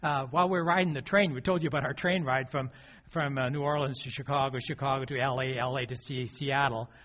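A man's voice: mid-range voice, steady tone, fast, fairly bright tone. A male pastor giving a sermon. He tells a story with frequent restarts and fillers. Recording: dull lo-fi recording.

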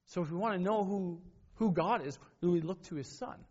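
A man's voice: high-pitched, moderate pace, darkish tone, breathy edge. A middle-aged man preaching a sermon in an earnest, conversational way, with personal stories and frequent self-corrections. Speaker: pastor. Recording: dull lo-fi sermon recording.

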